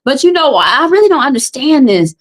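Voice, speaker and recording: With a high-pitched, very animated voice and a fairly quick pace, a woman tarot reader from the American South goes off at her live-stream chat. She's upset and confrontational, saying the same things again and again.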